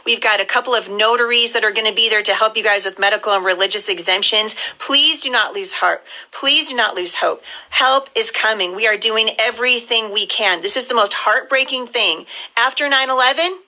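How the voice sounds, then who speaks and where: A woman's voice: fairly high pitch, pushed and bright, rough recording. A middle-aged woman from the US Pacific Northwest, giving a fiery, indignant live-stream address as a political candidate.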